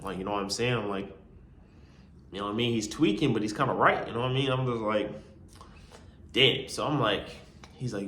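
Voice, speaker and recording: A man's voice: fairly low pitch, normal speed, a bit bright. Young male college vlogger, casual slangy storyteller, roomy echo, faint background hum. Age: young adult. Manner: rambling, slangy, full of "you know what I'm saying".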